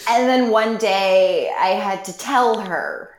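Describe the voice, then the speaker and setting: A woman's voice: mid-range voice, expressive, slow pace. A woman guest on a podcast, telling candid stories in a dry, wry, blunt way, breaking into laughs. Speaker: interview guest. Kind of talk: candid conversational storytelling. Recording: roomy echo on the voice.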